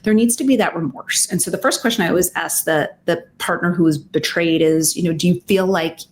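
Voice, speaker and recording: Animated woman giving relationship advice. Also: on the low side, brisk. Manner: animated, uses many fillers and acted-out quotes. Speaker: psychotherapist and relationship expert guest. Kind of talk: conversational advice interview.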